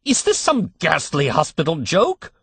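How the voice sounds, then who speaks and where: A frantic, horrified father, as a male reader puts him on, exclaiming in panic. His voice jumps well above the reader's usual pitch, with a husky edge. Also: wildly swooping pitch, a little slow, no room sound, full character voice.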